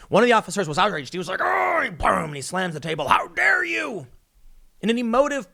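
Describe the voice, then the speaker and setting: Animated man delivering political commentary. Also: a little high. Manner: animated, sarcastic, mocks opponents in put-on voices. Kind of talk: opinion commentary monologue.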